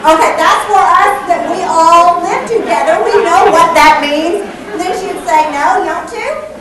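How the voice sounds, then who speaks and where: A woman with a Texas Southern accent giving a lively, chatty conference talk on business etiquette and joking with her audience. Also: very high voice, measured pace, crowd noise. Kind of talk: conference presentation. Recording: echoey hall audio from far off, faint background noise.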